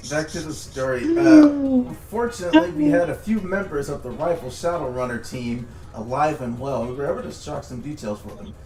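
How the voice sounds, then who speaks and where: A man recapping a tabletop game story to friends over voice chat, casual and animated, swearing at times. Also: on the high side, fairly quick, crowd noise. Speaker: streamer recounting a tabletop campaign. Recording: echoey room sound.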